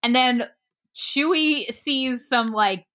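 A woman co-hosting a podcast, retelling a film scene by scene in animated, casual chat and laughing often. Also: high-pitched, slow pace. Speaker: podcast co-host.

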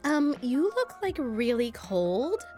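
A woman putting on a ditzy, flirty bimbo voice while reading pickup lines, with drawn-out words and fillers. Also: high voice, big pitch swings, darkish tone, soft background music, voice pushed up, full character voice.

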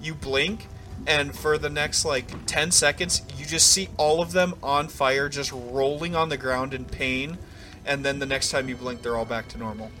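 A man narrating as game master of a tabletop role-playing game, calmly describing what the players see. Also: mid-range voice, moderate pace. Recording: music playing under the voice.

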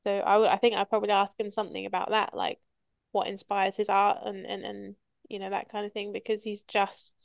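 A woman's voice: mid-range voice, flat delivery, brisk, gravelly, dry recording, phone-quality sound. A woman hosting a podcast, telling stories in casual chat and swearing freely. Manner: chatty storyteller, swears casually. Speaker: podcast host.

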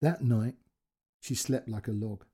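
A male storyteller reading a short story aloud with expressive, emotional narration. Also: mid-range voice, unhurried, slightly rough.

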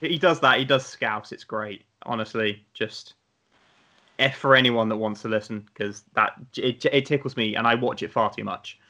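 A man's voice: lowish voice, moderate pace, pushed and bright. A young man from Britain in casual podcast chat, rambling and drifting off on tangents. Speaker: podcast co-host.

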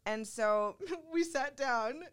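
A woman's voice: sits high, expressive, extremely slow, smooth. A woman who is a photographer, a guest on a podcast, talking candidly and earnestly with little laughs between thoughts. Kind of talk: casual podcast conversation.

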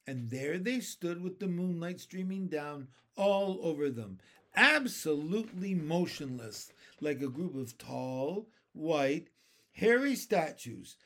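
A man reading a children's novel aloud, deliberate and expressive. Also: fairly high pitch. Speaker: storyteller.

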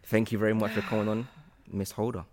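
A man hosting a casual interview, relaxed, chatty and quick to laugh. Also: lowish voice, a crowd in the background. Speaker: podcast host.

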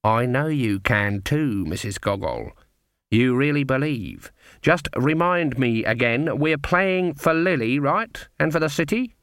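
A man playing a stern, proud old witch woman who speaks slowly and coolly. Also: very deep voice, expressive, no echo, clean studio sound, full character voice. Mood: calm. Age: older. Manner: cool, unyielding, slow deliberate speech.

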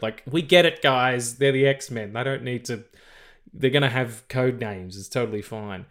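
A man's voice: mid-range voice, normal speed, fairly bright tone. A man co-hosting a film podcast, talking casually and rambling, with lots of fillers, restarts and swearing. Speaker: podcast co-host.

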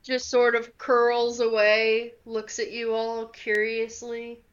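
A woman narrating a tabletop game as game master, unhurried and with fillers. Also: on the high side, monotone, smooth, lo-fi sound.

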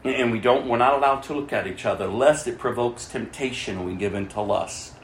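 A man giving a fervent sermon testimony, swinging from loud exclamations to low, hushed tones. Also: brisk, roomy sound, slight background noise.

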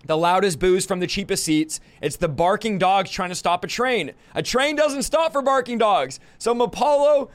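A man's voice: high voice, normal speed, hardly any pauses. A man hosting a podcast, preaching in a rowdy, emphatic style and rattling off scripture references in rhythmic lists. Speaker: podcast host. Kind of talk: fiery preaching monologue.

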